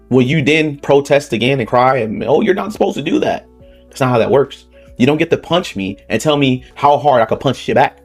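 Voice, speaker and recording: Heated man ranting in reaction commentary. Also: medium pitch. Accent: Southern Californian. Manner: heated, repetitive, rhetorical questions with frequent "okay?". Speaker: political commentary channel host.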